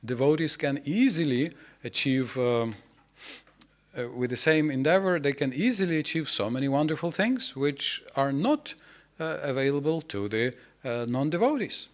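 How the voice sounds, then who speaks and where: A man lecturing on scripture to a small gathering in a temple hall. He talks at an ordinary middle pitch, restarts often and throws rhetorical questions to the listeners. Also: animated, moderate pace. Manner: rambling, many fillers and restarts, rhetorical questions to the audience. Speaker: speaker giving a scripture class.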